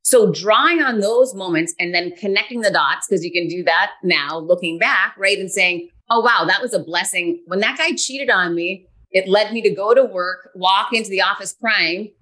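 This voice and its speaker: A woman in her forties, a podcast guest telling her story in an energetic, animated way. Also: medium pitch, moderate pace. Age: 40s. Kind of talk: podcast interview.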